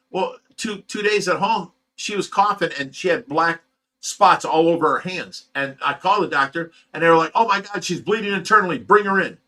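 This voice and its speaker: The host of a fish rescue channel tells his viewers a painful personal story in a raw, rambling, emotional way. His voice is a little high with a sharp tone.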